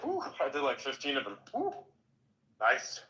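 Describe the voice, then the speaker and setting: A man's voice: medium pitch, wildly swooping pitch, normal speed, sharp tone, rough recording. A man in a casual podcast chat, joking crudely and swearing freely.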